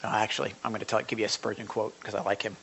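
A man preaching a sermon as pastor of a church, animated, swinging between quiet asides and loud, forceful delivery, speaking into a stage microphone in a church sanctuary. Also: fairly low pitch, very fast, gravelly, a little hiss or hum.

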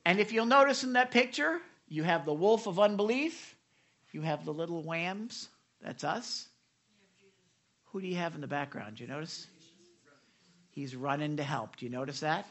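A preacher giving an animated devotional sermon, retelling scripture with many repeated starts and asking listeners direct questions. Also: mid-range voice, normal speed, lo-fi sound.

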